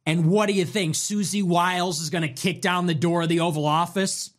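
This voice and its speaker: A man hosting a livestream, ranting in a sarcastic, mocking, taunting way. He jumps between loud, high outbursts and low grumbles. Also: fairly even intonation, a little fast. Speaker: livestream host.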